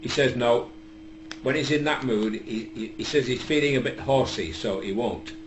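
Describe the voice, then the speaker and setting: An older man with a Northern English accent telling a long, rambling comic story, deadpan and full of hesitations. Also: mid-range voice, normal speed. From England. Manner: deadpan, digressive, lots of hesitations. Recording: echoey room with faint background hum.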